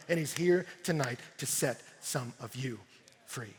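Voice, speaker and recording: A man preaching a sermon at a youth camp, telling stories with animated energy that rises to shouts. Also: medium pitch, measured pace. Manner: animated storytelling, rising to shouts. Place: large arena at a youth camp. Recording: long arena reverb.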